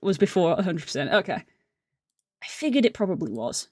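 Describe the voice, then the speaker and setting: A woman streamer chatting casually and excitably on a live art stream, rambling through tangents from a room at home. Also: on the low side, a little fast, dry recording, clean studio sound. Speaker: livestreamer.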